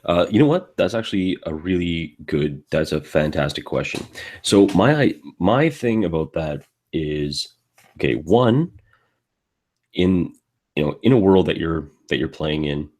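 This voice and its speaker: Very deep-voiced man on a panel. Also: animated, measured pace, a little mellow. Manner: loose, restarts often, leans on "you know". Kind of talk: casual live panel discussion.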